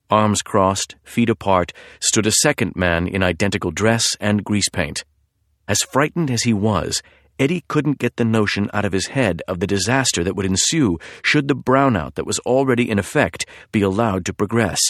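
A man narrating a thriller audiobook in a measured, suspenseful way. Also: fairly low pitch, no echo, studio quality.

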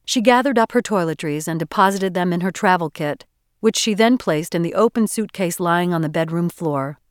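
A woman narrating an audiobook chapter in a measured, even storytelling delivery. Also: on the low side, dry recording, clean studio sound. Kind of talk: scripted narration.

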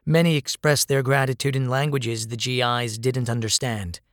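A man narrating a dramatic story in a measured, grave way. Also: medium pitch, steady tone, fairly bright tone, no echo, clean studio sound.

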